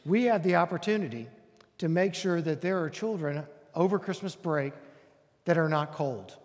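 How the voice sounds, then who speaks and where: A man's voice: fairly high pitch, moderate pace, darkish tone. A man, a pastor making an earnest, inviting announcement to his congregation in a church sanctuary. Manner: earnest, inviting, emphatic repetition. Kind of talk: announcement from the pulpit. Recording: long hall reverb.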